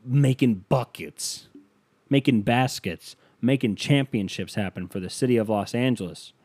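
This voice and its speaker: A man's voice: mid-range voice, a little slow, a little mellow, slightly rough, no echo. Podcast host, male, profane and self-amused, dry close mic. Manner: profane, riffing, self-amused, voice jumping up when worked up. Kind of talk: casual solo podcast rant.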